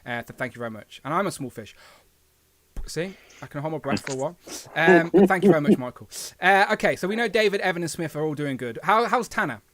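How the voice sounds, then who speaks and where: English guy w a coventry accent hosting a live stream, chatty, laughs a lot, kinda high voice. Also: expressive, quick pace, a bit bright. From England. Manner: chatty, laughs often, self-deprecating. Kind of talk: casual live stream chat.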